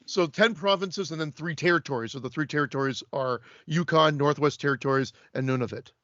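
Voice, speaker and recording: A man's voice: a little high, quick pace, a bit bright, dry recording. Canadian man rambling on a dull mic. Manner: rambling, many restarts and stammers. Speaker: podcast co-host. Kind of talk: casual chat.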